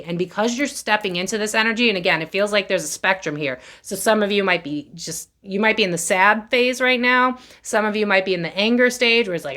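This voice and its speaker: A young woman reads tarot for her viewers in a loose, slangy way, swearing and laughing as she goes. Her voice is bright and forward. She keeps breaking into exaggerated quoted voices. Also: medium pitch, a little fast, hardly any pauses. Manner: chatty, slangy, swears freely, laughs often; acts out quoted voices with big swings. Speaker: tarot reader. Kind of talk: casual tarot reading to camera.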